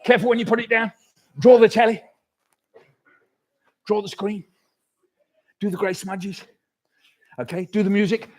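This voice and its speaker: An older man's voice sits high, at a normal pace with long pauses. A children's author performing in a hall at a live awards event, he tells comic stories to a room full of kids and animatedly leads them in call-and-response.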